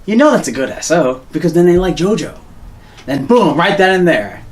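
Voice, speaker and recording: A man's voice: fairly high pitch, normal speed. A man co-hosting a podcast in casual, slangy chat, acting out little voices and laughing as he tells stories. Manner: animated, slangy, acts out voices and laughs often. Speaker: podcast co-host.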